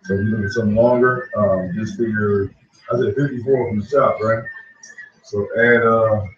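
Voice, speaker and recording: A man's voice: lowish voice, steady tone, moderate pace, husky, highs cut off, soft background music. A man ranting casually as a streamer, rambling, repeating himself and mocking. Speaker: streamer commenting on a played call. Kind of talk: casual rant.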